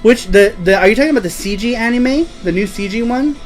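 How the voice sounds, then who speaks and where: A man's voice: high voice, fast, faint music behind, low-quality recording. A man hosting a casual live stream, chatting in a rambling, laid-back way and laughing easily. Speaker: host.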